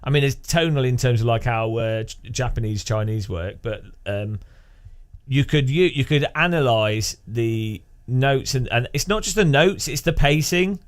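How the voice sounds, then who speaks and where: A man's voice: medium pitch, expressive, normal speed. A man streaming live, chatting casually with viewers and laughing often. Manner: chatty, laughs often, imitates language rhythms with syllables.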